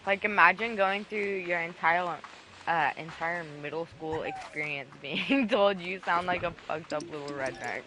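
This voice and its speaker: A woman's voice: on the low side, expressive, measured pace, sharp tone, slight background noise, low-quality recording. A young woman streamer telling stories in casual chat, candid and swearing freely.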